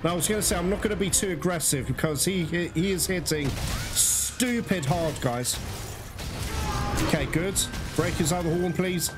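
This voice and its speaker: Exasperated gamer man over loud game music. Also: sits high, moderate pace. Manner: exasperated, swears often, talks to viewers as guys. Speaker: gaming channel host. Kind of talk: let's-play commentary.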